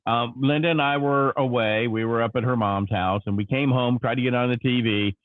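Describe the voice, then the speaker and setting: Animated male host over a tinny line. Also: mid-range voice, brisk, no room sound. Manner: animated storytelling, acting out his own anger. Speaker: show host. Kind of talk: casual morning show chat.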